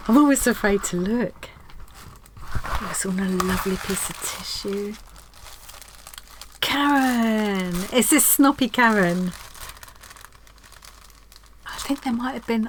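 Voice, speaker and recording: A woman vlogger chatting casually at home as she opens a craft swap parcel, gushing and excitable, with frequent restarts. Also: medium pitch, a little hiss or hum, low-quality recording. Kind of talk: casual unboxing chat.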